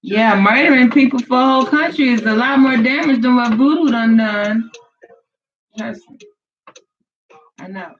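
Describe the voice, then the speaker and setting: Woman cohost on a live reading stream, slangy and animated, muffled lo-fi audio. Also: on the high side, moderate pace, long pauses. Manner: animated, laughing, slangy banter. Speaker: co-host and spiritual reader. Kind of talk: casual live-stream chat. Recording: dull lo-fi livestream audio.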